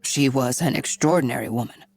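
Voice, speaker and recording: A woman's voice: extremely low pitch, a little fast, vocal fry, darkish tone, faint music behind, pitched below the performer's own voice, exaggerated voice. A woman reader voicing a chatty, sympathetic elderly man in an audiobook. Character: elderly wealthy man, kindly and talkative.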